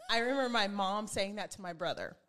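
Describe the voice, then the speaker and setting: A woman's voice: mid-range voice, moderate pace, fairly bright tone. A middle-aged woman chatting as a podcast guest, laughing often as she tells family stories. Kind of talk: casual chat.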